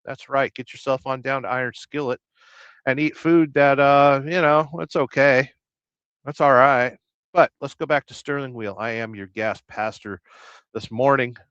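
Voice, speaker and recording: An American truck driver hosting a casual livestream, rambling through jokes and viewer comments with a deadpan, blustery manner. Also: male voice, mid-range voice, moderate pace, clean tone, dry recording. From United States. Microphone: livestream mic. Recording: dry, dull lo-fi stream audio.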